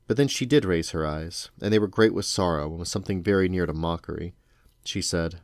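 Deep-voiced dad reading a story aloud. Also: male voice, brisk, no echo, clean studio sound. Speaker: parent reading to his children.

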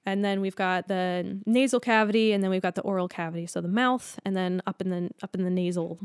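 Smooth-voiced woman explaining things casually. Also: mid-range voice, fairly even intonation, brisk, no echo, clean studio sound. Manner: chatty, fills with "like" and "um", laughs easily. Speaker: speech language pathologist guest. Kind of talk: casual explanatory interview talk.

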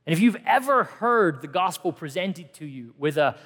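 A middle-aged male pastor giving an earnest sermon, moving between emphatic lines and hushed ones. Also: a little high, lively intonation, moderate pace, hardly any pauses, breathy edge. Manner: earnest, dynamic preaching that swings from emphatic to hushed. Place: church hall. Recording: reverberant church hall.

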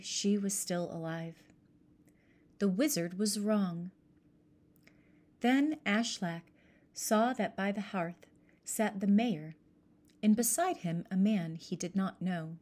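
Slow, measured woman reading a storybook. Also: mid-range voice, darkish tone. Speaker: narrator.

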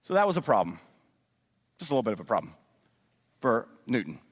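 A middle-aged man giving an animated sermon-style teaching, often checking in with his listeners. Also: mid-range voice, brisk, breathy edge. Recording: long reverb of a large hall.

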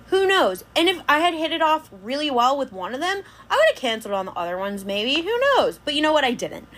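A young woman hosting a podcast, telling a dating story in an animated, chatty way. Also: sits high, fast. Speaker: podcast host. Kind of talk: casual chat.

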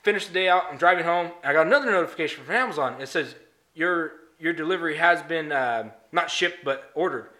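A man telling crude stories in casual chat, animated and swearing a lot. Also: a little high, fast. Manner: animated storyteller, swears a lot, says dude.

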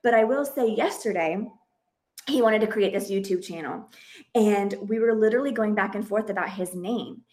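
A woman's voice: mid-range voice, moderate pace, a little mellow. A woman in her thirties, a parenting coach hosting a podcast, talking earnestly and expressively, often restarting her sentences. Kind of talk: casual podcast conversation.

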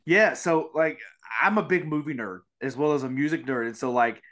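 A man's voice: fairly high pitch, normal speed, fairly bright tone. A man from Mississippi with a Southern accent, hosting a podcast interview in a rambling, chatty way with lots of fillers. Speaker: podcast host. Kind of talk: casual interview chat.

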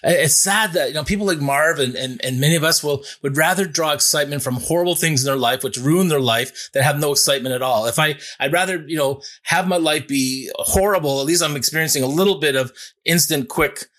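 A man's voice: a little high, a little fast, fairly bright tone. Earnest male pastor telling a story. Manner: earnest, personal storytelling with frequent restarts. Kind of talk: sermon storytelling.

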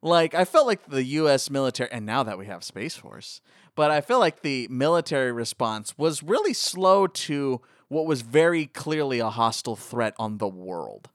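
A man chatting casually about a movie with friends, animated and joking, often jumping into high excited voices. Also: normal speed, no room sound, clean studio sound.

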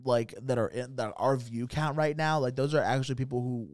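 A man's voice: medium pitch, fairly even intonation, a little fast, dry recording, clean studio sound. Profane rambling podcast man. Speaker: podcast co-host. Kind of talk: casual comedic banter.

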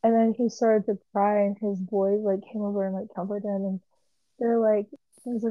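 A woman's voice: medium pitch, fairly even intonation, normal speed, no room sound. A young woman in casual chat about a movie, rambling emotionally and filling her talk with "like". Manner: rambling, heavy use of "like", emotional. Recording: dull lo-fi sound.

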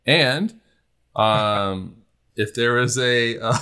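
A man's voice: medium pitch, drawn-out words, sharp tone, clean tone. A man hosting a casual astronomy podcast, rambling with many fillers. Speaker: podcast host.

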